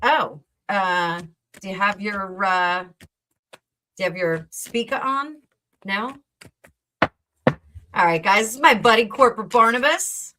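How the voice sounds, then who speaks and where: A woman's voice: mid-range voice, slow pace, long pauses, sharp tone, rough recording. A woman from New Jersey hosting a live tarot reading, rambling chattily with lots of fillers and asides to her viewers. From New Jersey, USA. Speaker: tarot reader and livestream host.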